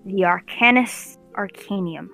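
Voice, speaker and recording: A woman's voice: medium pitch, measured pace, gravelly, pushed and bright, faint music behind. A woman running a tabletop game as game master, narrating in a rambling way with many likes and uhs.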